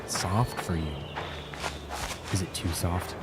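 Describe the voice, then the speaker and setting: Low-voiced guy streaming games from home, chill and chatty, guitar music playing under him. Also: expressive, normal speed, gravelly, long pauses. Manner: laid-back, chatty, greets viewers by name. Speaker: gaming livestream host. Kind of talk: casual live stream chat. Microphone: desk mic, moved close.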